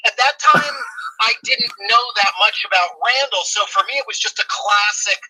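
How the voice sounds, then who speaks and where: A man with a sharp, very bright voice pitched a bit above the usual tells his story casually. He rambles and restarts, packing his talk with fillers. The sound comes through a call line. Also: normal speed, slight background noise, rough recording. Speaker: guest. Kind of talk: casual chat.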